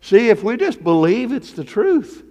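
Pastor, male, high voice, sermon delivery, repetitive and swinging between loud and hushed, long hall reverb. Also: big pitch swings, a little slow. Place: church sanctuary.

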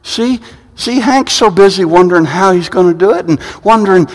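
A male pastor with a high voice, preaching a sermon in a church sanctuary. He keeps restarting and repeating words as he tells stories. A long hall reverb trails after every phrase. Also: moderate pace.

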